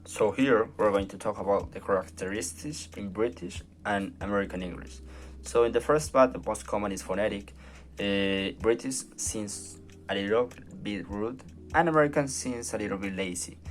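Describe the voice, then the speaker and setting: Colombian guy presenting for class, lowish voice, lots of uhs and restarts. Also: normal speed, faint music behind. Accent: Colombian Spanish. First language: Spanish. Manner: hesitant, many fillers and restarts. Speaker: student presenter.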